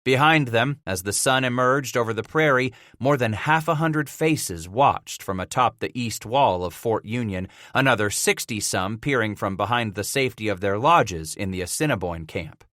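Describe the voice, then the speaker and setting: Brief: male narrator, bright clear tone, dry close sound, measured delivery. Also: medium pitch, lively intonation, no room sound. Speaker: audiobook narrator. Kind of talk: dramatic audiobook narration.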